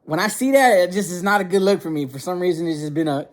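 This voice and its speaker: A man's voice: sits high, animated, fast. Slangy young man rambling through a story. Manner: slangy, rambling, repeats words and restarts often. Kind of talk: casual storytime monologue.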